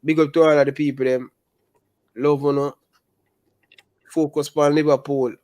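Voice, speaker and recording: A young adult man with a Jamaican accent, chatting casually about football in animated patois. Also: on the high side, moderate pace, dry recording. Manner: animated, speaks Jamaican patois and calls listeners brother. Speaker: football channel host. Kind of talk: casual chat.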